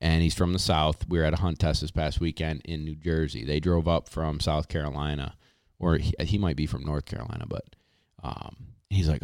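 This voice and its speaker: A man hosting a casual podcast, reading sponsor spots in a hyped, slangy way with drawn-out catchphrases. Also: very deep voice, steady tone, a little mellow, dry recording, studio quality. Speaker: podcast host.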